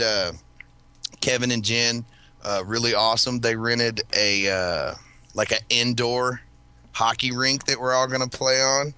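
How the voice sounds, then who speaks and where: A man's voice: medium pitch, bright, forceful tone, dry recording. A man in casual podcast chat, telling rambling, profane stories and laughing often. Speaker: podcast host.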